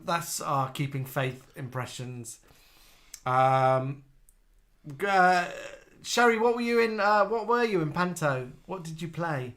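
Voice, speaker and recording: A man's voice: a little high, animated, slow, a bit bright. A man from the UK co-hosting a live stream, chatting casually and reading out viewers' comments. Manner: chatty, gossipy storyteller.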